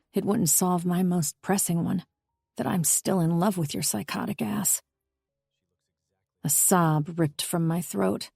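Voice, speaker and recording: An audiobook narrator reads scripted first-person narration in a gravelly, dark-toned, fairly low voice. The sound is clean studio quality with no room sound.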